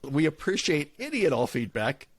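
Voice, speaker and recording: Podcast co-host, man in his forties, higher-pitched, rambly chat with laughs. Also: very animated, normal speed, no echo. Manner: rambling with frequent restarts and laughs.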